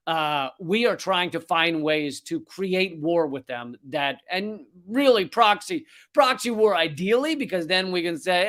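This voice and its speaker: Sarcastic high-voiced male ranter. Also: lively intonation, moderate pace, a bit bright. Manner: sarcastic and profane. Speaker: host. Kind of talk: comedic political rant.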